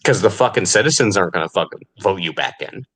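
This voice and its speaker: A man's voice: sits low, animated, fast talker, a bit bright, slightly rough. A man delivering an angry, profane podcast rant, sneering and furious. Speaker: podcast host.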